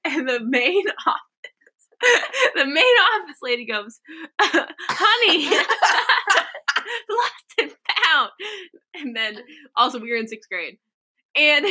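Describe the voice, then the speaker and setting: A woman's voice: high-pitched, very animated, slow pace, pushed and bright. A teenage girl co-hosting a podcast, telling stories in a giggly, teasing way. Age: teens. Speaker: podcast co-host. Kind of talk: casual chat.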